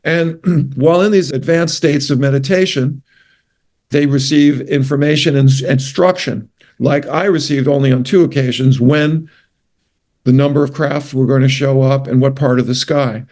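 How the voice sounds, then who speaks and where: A man's voice: mid-range voice, fairly even intonation, moderate pace, a little mellow. An older man with a New York accent, a doctor telling stories in a rambling, anecdotal interview style with frequent self-corrections. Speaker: guest, retired physician. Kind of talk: casual interview storytelling.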